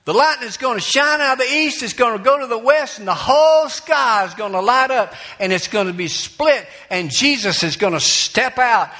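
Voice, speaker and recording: A man's voice: extremely high pitch, animated, moderate pace, few pauses, sharp tone, voice pushed up, heavily acted. Fervent old preaching granny, as a man puts her on. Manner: fervent, rising and emphatic. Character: old churchgoing grandmother preaching to a boy.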